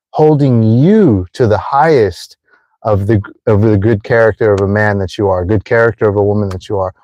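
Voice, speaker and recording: Earnest man with a mellow voice. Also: lowish voice, dry recording. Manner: repetitive, pleading, addresses viewers directly. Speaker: livestream host giving life advice. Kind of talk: earnest motivational livestream talk.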